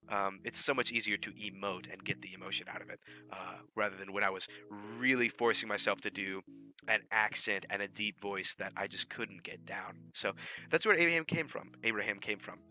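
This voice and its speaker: A man's voice: fairly low pitch, a little fast, bright, forceful tone, soft background music. A man casually explaining how he made his fan audio drama, rambling with many fillers and restarts. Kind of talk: casual behind-the-scenes talk.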